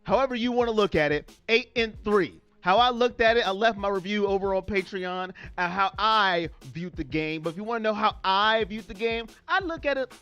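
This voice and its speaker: A man's voice: sits high, moderate pace, hardly any pauses, a bit bright, clean tone, soft background music. A man hosting a fan live stream, talking straight to viewers and reading chat messages aloud.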